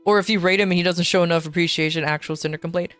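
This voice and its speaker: A woman's voice: lowish voice, fairly even intonation, rapid-fire, a bit bright, faint music behind. A young adult woman streaming games, chatting casually, swearing freely and laughing often. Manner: blunt, swears freely, laughs often, mocks others in put-on voices. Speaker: VTuber streamer. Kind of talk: casual gaming stream chat.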